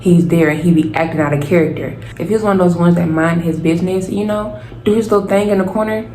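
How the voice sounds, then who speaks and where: A young woman telling a storytime to her viewers, animated and casual, addressing them directly. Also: on the low side, fast talker. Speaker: vlogger. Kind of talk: storytime vlog. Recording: roomy echo, faint noise.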